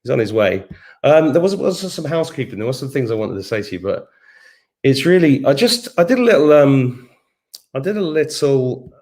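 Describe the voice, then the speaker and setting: A middle-aged man talking casually on a live stream from his kitchen, his voice at an ordinary middle pitch. He rambles through viewer comments in a loose, chatty way and hums little tunes to himself while he scrolls. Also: very animated, moderate pace, darkish tone. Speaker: livestream host. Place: home kitchen.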